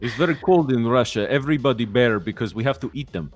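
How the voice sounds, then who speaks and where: A man's voice: medium pitch, fast, faint music behind, pitched above the performer's own voice, lightly acted. A man voicing a playful mock-Russian character in broken English, teasing his co-hosts. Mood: joking.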